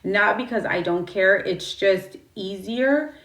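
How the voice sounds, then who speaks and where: A woman's voice: mid-range voice, takes it slowly, a bit bright, roomy sound, recorded from a distance. A woman livestreaming from her phone, talking bluntly and rambling, swearing and greeting her chat as she goes.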